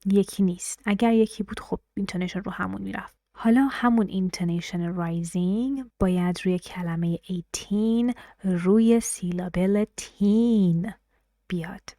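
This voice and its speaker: Woman, teacher, quick lecture pace, mellow tone. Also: mid-range voice, steady tone, dry recording, clean studio sound. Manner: mixes English terms into fast explanations. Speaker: pronunciation teacher. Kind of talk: explaining a lesson in brisk lecture style.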